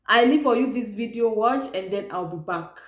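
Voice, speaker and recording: A man's voice: extremely high pitch, moderate pace. A man hosting his own vlog, greeting viewers in an upbeat, casual way. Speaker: host. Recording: roomy echo.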